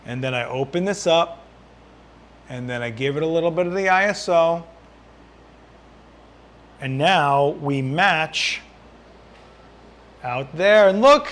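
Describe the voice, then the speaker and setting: A man hosting a casual live-stream Q&A as a photographer, answering viewer questions while he adjusts his lights, his voice worn and going hoarse. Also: a little high. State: losing his voice.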